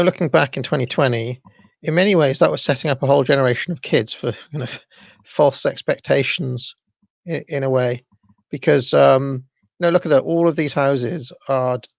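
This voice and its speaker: A man's voice: mid-range voice, gravelly, no room sound. A man, hesitant and reflective, commenting as host of a video. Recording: dry, dull lo-fi mic.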